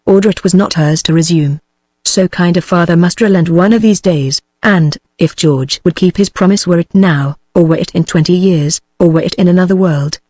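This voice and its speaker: A text-to-speech male voice reading a classic novel aloud in an even machine manner, sometimes speaking punctuation marks as words. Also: sits high, no room sound. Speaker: audiobook narrator.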